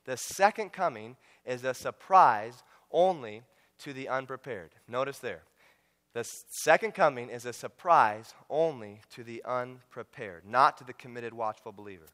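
A man with a medium-pitched, slightly bright voice preaches a sermon from a Bible study guide, emphatically repeating words and calling out to his congregation. The long reverb of a large hall surrounds him.

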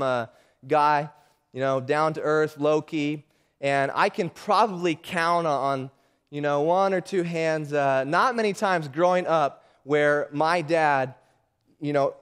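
A middle-aged pastor preaching in a folksy way, often asking his listeners for an amen. His voice sits fairly high for a man. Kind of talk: sermon.

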